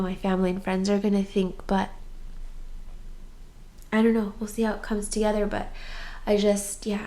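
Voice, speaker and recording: A woman's voice: mid-range voice, mellow. Young woman, stuffy congested voice, personal vlog, candid and rambling. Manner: candid, rambling with many fillers. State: stuffy and congested after crying. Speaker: vlogger.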